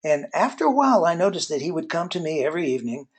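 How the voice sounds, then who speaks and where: Husky, slightly high-voiced male presenter. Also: sing-song, racing. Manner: hesitant, many filler words and restarts; folksy storyteller. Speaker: webinar presenter on workplace accountability. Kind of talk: relaxed webinar talk with personal anecdotes.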